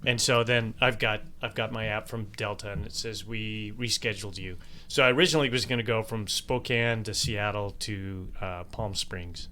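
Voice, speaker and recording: A man's voice: on the low side, fairly even intonation, moderate pace, pushed and bright, slight background noise. An older man co-hosting a casual podcast, telling stories with jokes and laughter. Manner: joking storyteller, laughs often. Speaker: podcast co-host. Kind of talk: casual chat.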